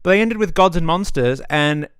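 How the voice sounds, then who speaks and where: A man's voice: fairly high pitch, expressive, moderate pace, a bit bright, clear, resonant tone, no echo. Young guy, home-setup gaming rant, sarcastic and sweary; resonant, dry. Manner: ranty, sweary, sarcastic asides. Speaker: gaming vlogger. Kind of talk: casual opinion rant.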